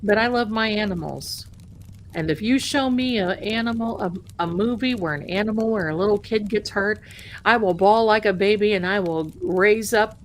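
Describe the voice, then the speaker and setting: Woman tarot-stream host, chatty and rambling, mid pitch, calls viewers "darling.". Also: normal speed, a little hiss or hum. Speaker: tarot reader hosting a live stream. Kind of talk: casual live-stream chat.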